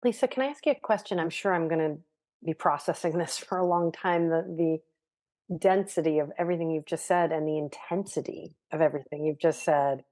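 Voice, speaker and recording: Female co-host, deep voice, reflective and reassuring interviewer. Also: a little fast, darkish tone. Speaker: podcast co-host. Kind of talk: interview questioning.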